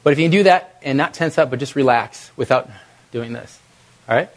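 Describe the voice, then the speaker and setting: A middle-aged man leads a live workshop and coaches the room with direct, energetic delivery. His voice sits at an ordinary pitch. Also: fairly quick. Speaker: video presentation trainer. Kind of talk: live workshop talk to an audience.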